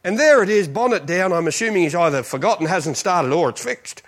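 A man's voice: high-pitched, fairly quick. Aussie guy preaching in a church, cracking jokes, voice jumps all over. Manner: animated, jokey storytelling. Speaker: visiting preacher. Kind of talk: storytelling sermon.

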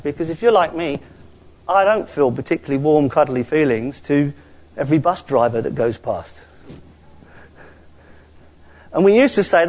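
A man preaching a sermon, swinging between quiet asides and rising exclamations. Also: fairly high pitch.

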